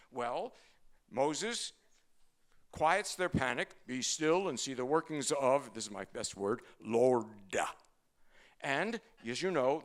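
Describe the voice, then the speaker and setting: An older man delivers a sermon full of quick asides and jokes. His voice is smooth and sits a bit high for a man. He rattles through his stories at speed. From Brooklyn, New York. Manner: fast-talking, joking, animated storytelling. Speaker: rabbi. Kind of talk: humorous sermon.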